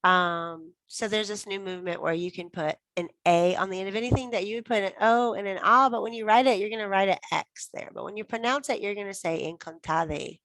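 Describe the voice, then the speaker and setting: A woman teaching a casual Spanish lesson into her phone, repeating phrases slowly with sudden high bursts. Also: a bit bright, no room sound. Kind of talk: casual online language lesson.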